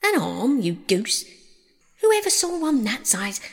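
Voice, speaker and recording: A woman voicing a fussy, bossy male rabbit who scolds his servants in a high, sharp voice. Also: very animated, a little slow, gravelly, in a large hall, heavily acted. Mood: scolding.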